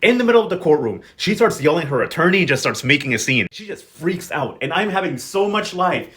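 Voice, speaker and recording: A young man breaks down a soap opera episode in a chatty vlog recap. His voice sits slightly high for a man. His delivery is sassy and full of slang, like gossiping with friends. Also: sing-song, fast talker, a bit bright.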